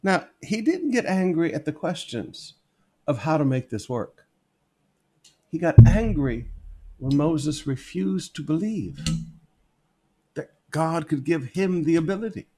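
A man's voice: fairly high pitch, lively intonation, a little slow, a little mellow, slight background noise. A man preaching a sermon, repeating key phrases for emphasis as he reads and explains scripture.

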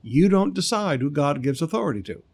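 Emphatic pastor, slightly high voice. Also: male voice, big pitch swings, creaky, a little mellow, breathy edge. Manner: emphatic, stretches key words slowly. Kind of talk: sermon.

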